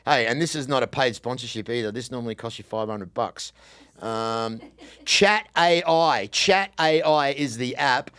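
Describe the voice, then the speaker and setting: A man's voice: medium pitch, moderate pace, fairly bright tone, clear, resonant tone. A man hosting a casual podcast interview, joking and swearing, laughing often. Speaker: podcast host.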